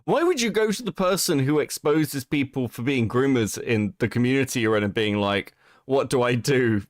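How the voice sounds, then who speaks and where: A man with a mid-pitched voice hosts a casual chat and reacts in disbelief. His intonation swings widely up and down. He sounds dry and close to the mic. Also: lively intonation, fairly quick, no echo. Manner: incredulous reactions and blunt questions.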